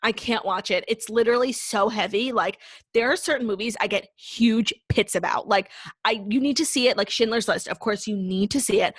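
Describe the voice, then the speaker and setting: Young female podcast co-host, quick chatty delivery full of fillers, close dry sound. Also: medium pitch, a bit bright, no room sound. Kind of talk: casual chat.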